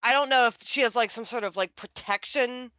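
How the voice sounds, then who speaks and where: A woman's voice: on the high side, brisk, fairly bright tone, dry recording. A woman playing in a tabletop game, asking direct questions and stating her character's moves. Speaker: player.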